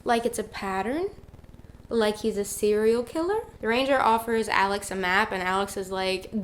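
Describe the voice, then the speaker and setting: A woman's voice: mid-range voice, normal speed. Sarcastic woman recapping a bad movie. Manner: sarcastic, deadpan asides. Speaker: writer reviewing bad movies. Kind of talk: casual comedic movie recap.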